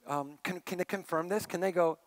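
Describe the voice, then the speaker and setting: A middle-aged male pastor preaching a sermon in a conversational way, dropping to a hush and then rising to emphatic points. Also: high-pitched, steady tone, brisk, no echo. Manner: conversational preaching, swinging between hushed and emphatic.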